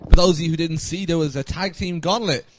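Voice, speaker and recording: A man's voice: a little high, fast, noisy background. A man co-hosting a podcast, telling a rambling story in casual chat, laughing at it and swearing freely. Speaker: podcast co-host.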